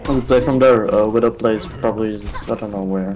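A young man talking casually over a headset in team voice chat, laying out a plan in halting bursts full of fillers. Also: lowish voice, steady tone, darkish tone, poor audio. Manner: halting, filler-heavy strategy calling. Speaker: team shot-caller in a practice match.

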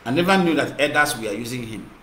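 Fast and animated in a mid-range voice, a man with a Nigerian Igbo accent broadcasts as an activist, giving a fervent monologue in mixed English and Igbo with repetition. The room echoes and noise is clearly audible.

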